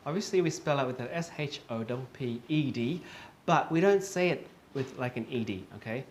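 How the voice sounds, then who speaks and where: A man's voice: mid-range voice, animated, moderate pace, slight background noise. A man teaching English pronunciation, patiently repeating each word for learners, with frequent fillers and self-corrections. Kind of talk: online pronunciation lesson.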